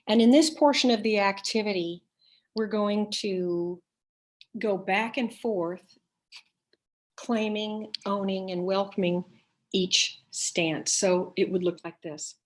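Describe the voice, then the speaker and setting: A woman presenting a workshop, calmly leading listeners step by step through a body-awareness exercise with pauses. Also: mid-range voice. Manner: calm, step-by-step instructions with pauses.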